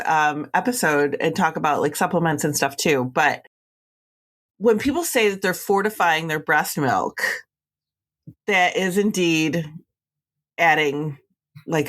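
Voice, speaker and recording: A woman with a notably low-pitched voice co-hosts a podcast. She reads listener letters aloud with real enthusiasm and then chats casually about them. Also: fairly bright tone. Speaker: podcast co-host. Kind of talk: casual podcast chat, reading listener mail.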